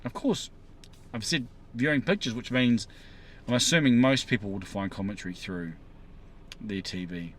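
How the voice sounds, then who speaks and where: A man's voice: medium pitch, normal speed, fairly bright tone. A man talking casually to his viewers from a parked car, musing in a rambling way and asking them questions. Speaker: vlogger. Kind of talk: casual monologue to camera.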